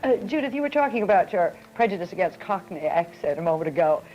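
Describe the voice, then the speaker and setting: A woman moderating a 1950s broadcast student panel, asking poised, brisk questions and introducing guests. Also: fairly low pitch, sing-song, muffled recording, a little hiss or hum.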